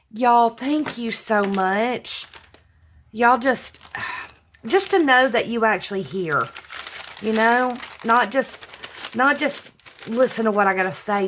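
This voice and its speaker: A woman's voice: medium pitch, slight background noise. A middle-aged woman, chatting to her viewers in a casual vlog and gushing over fan mail. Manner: gushing, effusive, sighing with emotion. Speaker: crafting vlogger opening fan mail. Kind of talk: casual unboxing chat to viewers. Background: crinkling paper and packaging.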